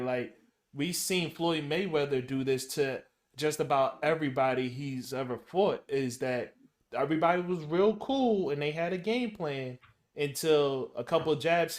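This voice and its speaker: A man hosting a podcast in casual chat, halting and restarting as he builds his questions. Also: medium pitch. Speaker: podcast host.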